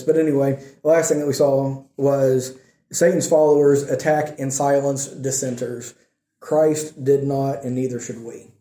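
Dark-toned man teaching a Bible study. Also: medium pitch. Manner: plainspoken, asks "okay?" often, reads scripture aloud. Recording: roomy echo.

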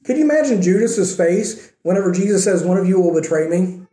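A pastor preaches conversationally, acting out the quoted lines as he tells his story. His voice is high and warm with lively intonation and a brisk pace, and the room has an echo.

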